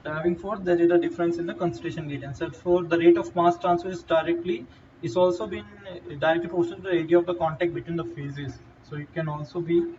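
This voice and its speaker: A man with an Indian English accent giving a halting whiteboard lecture, with fillers and restarts. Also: a little high, fairly even intonation, darkish tone. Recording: distant, dull lo-fi mic with faint noise.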